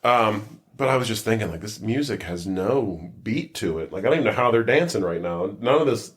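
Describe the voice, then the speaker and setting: A man's voice: fairly low pitch, animated, fairly quick. A man hosting a podcast, telling stories in casual chat and laughing often as he goes. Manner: laughs often, rambling storyteller. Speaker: podcast host.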